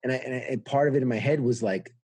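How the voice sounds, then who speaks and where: A man's voice: medium pitch, fast, breathy edge, dry recording. A middle-aged man from New York, a veteran guest telling his story candidly and acting out the dialogue he quotes. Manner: acts out quoted dialogue with lively voices.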